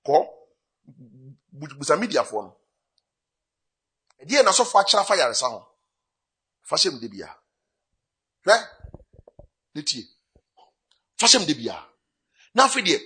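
Husky, high-pitched Ghanaian preacher man. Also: sing-song, moderate pace, pauses often, bright, forceful tone. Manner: preaching with rising bursts, mixing Twi and English. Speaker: pastor. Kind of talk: sermon.

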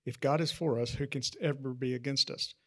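A man reads scripture aloud for his Bible study group. His pitch is ordinary and his delivery steady and plain. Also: fairly quick.

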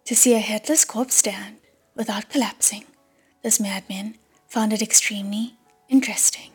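A woman narrating a novel audiobook in a breathy, half-whispered way. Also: medium pitch, steady tone, moderate pace, soft background music. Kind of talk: scripted narration.

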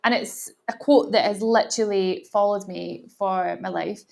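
A young Scottish woman from Glasgow whose mild Glaswegian accent colours her vowels. She talks in a loose, chatty podcast monologue, circling back and restarting her sentences as she goes. Her pitch sits in an ordinary middle range for a woman. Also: steady tone, moderate pace, vocal fry. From Glasgow, Scotland. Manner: rambling, chatty, with frequent laughs and restarts. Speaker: podcast host.

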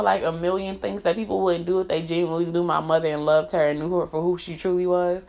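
A woman's voice: lowish voice, fairly even intonation, quick pace, gravelly, darkish tone. A woman talking candidly and emphatically to camera in a personal vlog, swearing freely and laughing often. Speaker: vlogger. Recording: slightly dull lo-fi sound.

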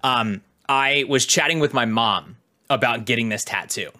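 A man's voice: mid-range voice, normal speed, sharp tone. A young man co-hosting a livestreamed podcast, telling stories in a casual, rambling way with lots of fillers. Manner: rambling, filler-heavy storytelling. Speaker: podcast co-host.

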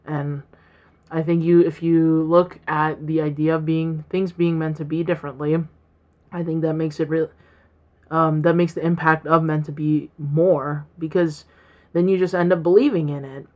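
A young woman speaks low in her range while she hosts a solo podcast. She muses aloud in a rambling way and often restarts her sentences. The recording sounds a little dull and muffled. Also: level tone, normal speed. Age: young adult. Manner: rambling and reflective, with many fillers and restarts. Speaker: podcast host. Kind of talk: casual solo podcast talk.

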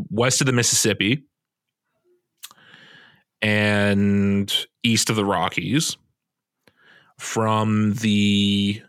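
A man co-hosting a casual podcast chat, talking in a relaxed, joking way. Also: on the low side, no room sound, clean studio sound. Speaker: podcast co-host.

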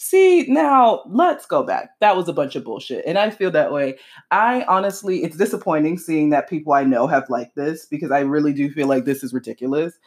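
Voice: mid-range voice, fairly quick, a little mellow. A pop culture commentator in casual chat, reading a post aloud and breaking in with sarcastic, laughing asides.

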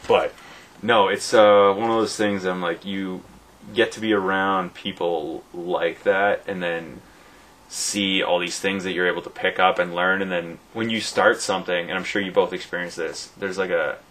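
A man with a very low voice rambles through an anecdote, packing it with fillers and acted-out quotes. Faint background noise sits under the casual chat. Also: moderate pace, rough recording. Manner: rambling, animated, lots of fillers.

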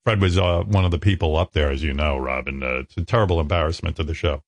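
A man's voice: very deep voice, fast talker, no room sound. A man hosting a radio show, telling stories in a casual, joking way with some swearing. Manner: joking, profane, animated storytelling. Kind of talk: casual chat.

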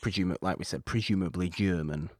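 A man's voice: low voice, brisk, a little mellow, no echo, studio quality. A man talking casually about a film, rambling and correcting himself as he goes. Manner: rambling, restarts, self-correcting. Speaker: podcast co-host.

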